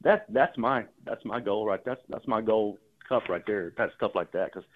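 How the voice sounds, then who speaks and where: A man's voice: lowish voice, moderate pace. A man, a fishing guide calling in to a radio show, telling rambling stories and repeating his words as he goes. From Texas Gulf Coast. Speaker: fishing guide and guest caller. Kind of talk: casual phone-in storytelling. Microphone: phone. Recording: narrow phone line.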